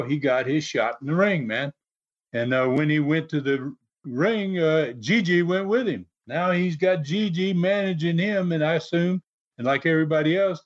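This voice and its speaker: A man casually recounting stories, rambling and dropping "man" and "uh" between phrases. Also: fairly high pitch. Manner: rambling, peppers lines with 'man' and 'uh'. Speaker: storyteller recounting wrestling TV. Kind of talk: casual storytelling chat. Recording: dull lo-fi audio.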